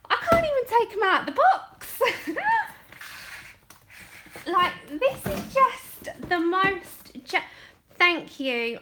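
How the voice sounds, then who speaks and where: A woman hosting a casual colouring livestream, gushing and excitable, laughing often and trailing off mid-sentence, heard from a camera set back from her desk. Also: high voice. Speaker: colouring channel host. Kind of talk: casual livestream chat while unboxing.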